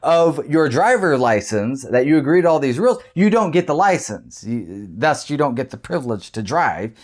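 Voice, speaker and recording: A man hosting a casual commentary vlog, animated and often repeating words as he argues his point. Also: medium pitch, moderate pace. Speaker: vlog host.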